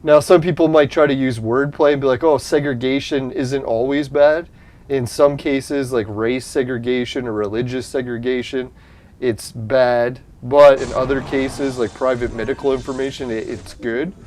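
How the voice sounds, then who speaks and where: A man's voice: mid-range voice, steady tone, normal speed, a little mellow. A man chatting casually on a livestream, rambling and swearing, laughing at his own points and talking straight to his chat viewers. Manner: addresses chat viewers directly.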